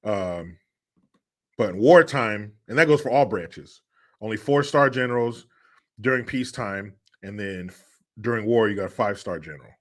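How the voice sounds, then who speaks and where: A man's voice: fairly low pitch, normal speed. A man hosting a casual livestream, reading out viewer donations with joking, sarcastic remarks and frequent laughter.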